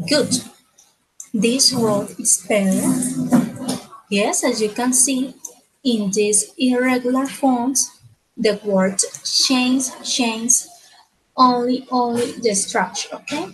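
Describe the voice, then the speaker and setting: A woman with a fairly high voice teaches an English grammar lesson at an unhurried, slow pace. She explains step by step, repeats words and phrases, and keeps checking in with her students through short tag questions. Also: breathy edge, low-quality recording.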